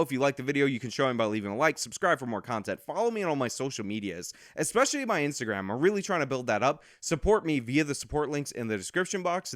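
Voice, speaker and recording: A man's voice: on the high side, no echo, clean studio sound. A man hosting a commentary video, giving blunt, emphatic opinions in a casual vlog style. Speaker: commentary channel host.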